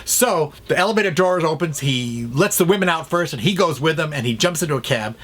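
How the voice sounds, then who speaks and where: A man's voice: fairly high pitch, expressive, brisk, a bit bright. A man reviewing a classic film in a chatty way, retelling scenes and acting out the lines.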